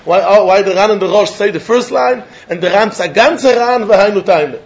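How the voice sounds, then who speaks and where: High-voiced man giving a Talmud lecture. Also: a little fast, gravelly, highs cut off. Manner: lively, questioning, mixes English with Yiddish and Hebrew terms. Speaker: Talmud teacher.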